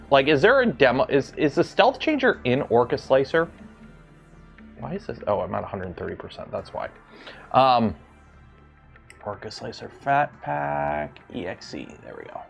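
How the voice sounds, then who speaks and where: A man's voice: a little high, vocal fry. Canadian man rambling on a livestream. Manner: rambling, self-interrupting, reads chat aloud. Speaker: livestream host. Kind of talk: casual livestream chat. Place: home garage.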